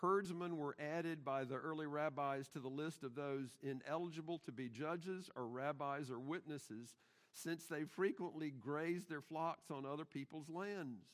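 Preaching at a measured pace, a middle-aged man in a church sanctuary uses a voice a touch high for a male. He's emphatic throughout and keeps addressing the congregation with rhetorical questions.

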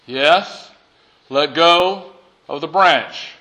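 A man voicing God, who answers from above in a calm, matter-of-fact way. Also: fairly high pitch, extremely slow, roomy sound, exaggerated voice.

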